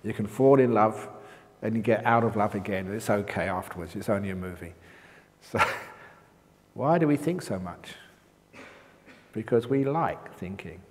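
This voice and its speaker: Older monk telling stories in a reverberant hall. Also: male voice, moderate pace, pauses often, slight background noise. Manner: animated storyteller, jumps high for quoted outbursts. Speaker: meditation teacher. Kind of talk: dharma talk with humorous stories. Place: retreat meditation hall.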